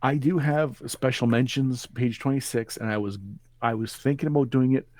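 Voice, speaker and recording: A man's voice: medium pitch, steady tone, normal speed, darkish tone, no room sound. Hesitant man co-hosting a podcast. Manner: hesitant, full of restarts. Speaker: podcast co-host. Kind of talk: casual chat.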